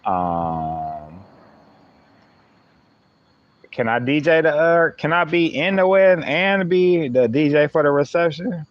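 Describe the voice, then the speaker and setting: A man's voice: on the high side, animated, unhurried, no room sound, highs cut off. A man using hosts a live stream, chatting playfully with viewers and laughing often. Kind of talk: joking live-stream chat.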